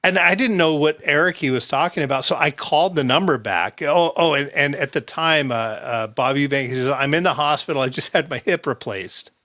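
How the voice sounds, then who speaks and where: A man spins a rambling anecdote for his friends, slipping into the voices of the people in it. His voice is bright and forceful and sits a little high. He laughs as he goes. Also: a little fast, few pauses. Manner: animated storyteller, acts out quotes, laughs often. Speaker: podcast host. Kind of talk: casual storytelling chat.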